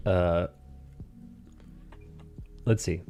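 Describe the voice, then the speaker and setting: A young man hosting a casual anime discussion podcast, recapping scenes animatedly and jumping into quick character voices. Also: low-pitched, steady tone, dark tone, faint music behind. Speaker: podcast host.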